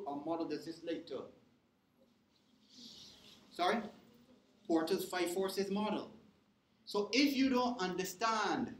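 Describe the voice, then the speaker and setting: This university lecture features a man whose voice is on the high side, teaching interactively and frequently checking that the class understands. It was captured in a reverberant lecture hall with slight background noise.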